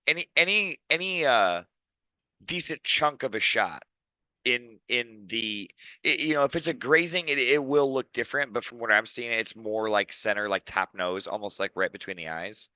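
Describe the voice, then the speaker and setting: Low, bright-edged man on a dull dry mic. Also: no echo. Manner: hesitant, many ums, blunt. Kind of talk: casual chat.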